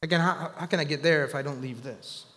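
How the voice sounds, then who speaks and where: A man's voice: on the high side, fast, fairly bright tone. A man in his thirties preaching a sermon as a pastor, rising and dropping in volume and acting out the voices of people he quotes. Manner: preaching with sudden rises and drops in volume. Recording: long hall reverb.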